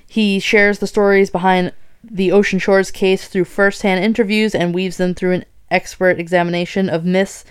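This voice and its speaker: A woman's voice: medium pitch, flat delivery, normal speed, clean tone. A woman co-hosting a casual true-crime chat, reading case details and reacting with gasps and swearing. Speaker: podcast co-host.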